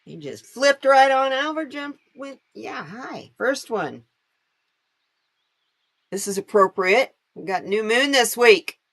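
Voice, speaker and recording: A woman hosting a casual tarot live stream. She chats warmly with her viewers, greets them by name and laughs often. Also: a little high, lively intonation, slow pace.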